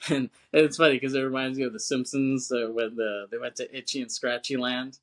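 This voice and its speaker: A man's voice: medium pitch, fairly even intonation, moderate pace, hardly any pauses. A man co-hosting a podcast, chatting casually about a film in a laid-back, slangy way, swearing and laughing often. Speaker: podcast co-host.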